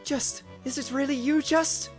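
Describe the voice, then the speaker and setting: A man's voice: extremely high pitch, steady tone, measured pace, faint music behind, voice pushed up. Man voicing a frightened young captive maiden. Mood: anxious.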